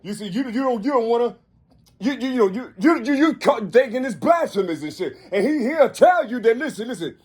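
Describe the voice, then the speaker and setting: A man in his fifties delivering a rambling, profane spiritual monologue, repeating himself and building to shouts. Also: very high voice, lively intonation, a little fast, breathy edge. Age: 50s.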